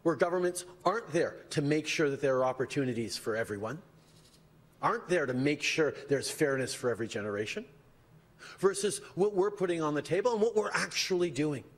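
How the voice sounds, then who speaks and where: A man giving a measured, deliberate statement to the press. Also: a little high, animated. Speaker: politician speaking to press.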